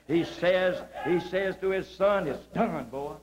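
Impassioned preacher, higher voice. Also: male voice, slow pace, lo-fi sound, background noise. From South Georgia, US. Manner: impassioned storytelling, voice swinging high on emphasis. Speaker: evangelist. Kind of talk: sermon testimony. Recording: humming 1980s video recording.

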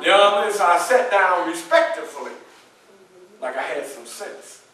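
A man's voice: high-pitched, moderate pace. An actor playing a dignified 19th-century abolitionist, telling his story straight to a live audience. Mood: earnest. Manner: addresses the audience directly, animated storytelling. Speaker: historical reenactor. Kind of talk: first-person historical portrayal for a live audience. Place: library event room. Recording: echoey room from far off.

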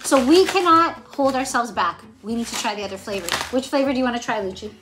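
Bubbly high-voiced woman vlogger. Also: fast talker, noisy background. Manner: excited and bubbly. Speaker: vlogger host. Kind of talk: casual snack-tasting vlog.

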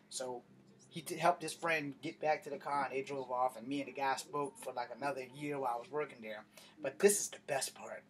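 A young man doing stand-up storytelling in an animated, profane, conversational way. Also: mid-range voice, fairly quick. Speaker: comedian.

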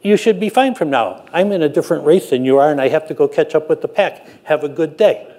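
An older man quoting a reassuring woman runner who guides a friend, speaking gently and instructively. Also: fairly high pitch, fast, close to an everyday voice.

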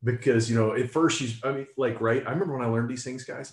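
Man, business mentor, coaching tone, rhetorical questions, medium pitch, echoey room. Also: a little fast. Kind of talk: coaching talk to a team.

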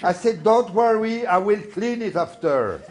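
Animated French-accented man, halting English. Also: sits high. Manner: broken English, animated storytelling. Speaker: guest. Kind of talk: talk show interview. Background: studio audience laughing.

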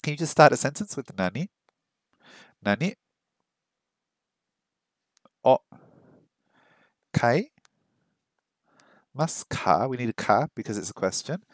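Here a man studying a language on stream mutters his thoughts, loops the same phrases repeatedly, and laughs at his own slip-ups. His mid-range voice has lively intonation, moving slowly with frequent pauses. There's no room sound and the quality is studio-grade, yet his streaming mic catches his voice weakly.

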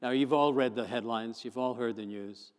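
A man, a pastor, preaching a sermon, moving from chatty storytelling to fervent, loud emphasis. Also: medium pitch, normal speed. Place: church sanctuary. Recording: long church hall reverb.

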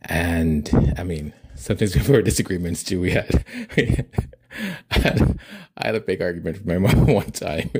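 A man's voice: low voice, normal speed, gravelly, darkish tone, breathy edge. A man hosting his channel, chatting casually with viewers, hesitant and repeating himself, laughing often. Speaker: channel host.

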